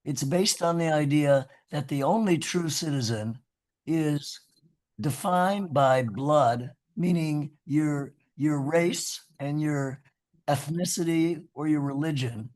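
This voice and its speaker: Speaking slowly, a guest professor with a scratchy, fairly high, slightly mellow voice rambles earnestly through a talk. He restarts often and keeps saying "you know," heard through a video call microphone.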